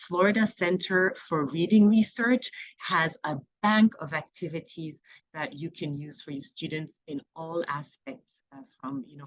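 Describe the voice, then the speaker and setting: A woman training reading volunteers, talking through classroom activities in a relaxed, conversational way with plenty of fillers. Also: low voice, dry recording, muffled recording. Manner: conversational teaching with fillers and playful classroom examples. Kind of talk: training presentation.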